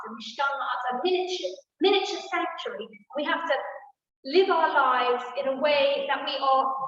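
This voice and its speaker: A woman giving a religious lesson in an earnest, gently exhorting way. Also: sits high, recorded from a distance, slight background noise. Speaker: teacher giving a talk. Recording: roomy, lo-fi, from afar.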